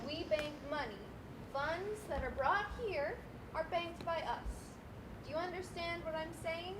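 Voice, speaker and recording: Girl playing a stuffy bank lady, real high voice, getting fed up, noisy stage tape. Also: a little slow. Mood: stiffly patient. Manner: stiff, formal, increasingly exasperated. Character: harried prim female bank manager. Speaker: stage actor. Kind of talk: live stage play. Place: school auditorium stage. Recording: noisy live stage recording.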